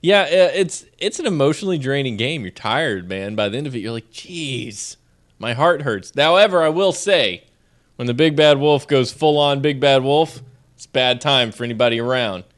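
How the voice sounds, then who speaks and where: A man's voice: mid-range voice, animated, a little fast. A man co-hosting a casual streamed show, chatting and reading odd news stories aloud, often laughing as he goes. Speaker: co-host.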